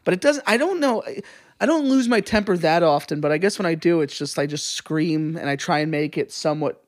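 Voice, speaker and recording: A man's voice: fairly high pitch, animated, a little fast, no echo, clean studio sound. A man co-hosting a podcast, chatting candidly and rambling a little, swearing freely. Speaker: podcast co-host. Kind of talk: casual chat.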